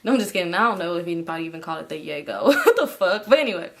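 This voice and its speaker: A woman's voice: on the low side, sing-song, very fast. A young woman casually telling a rambling story, full of slang and swearing.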